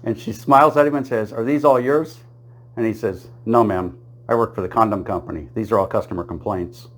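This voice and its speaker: On the low side and a little fast, a man's voice carries a monologue of jokes told in a plain storytelling manner. He laughs at his own punchlines and briefly adopts small character voices for the quoted lines.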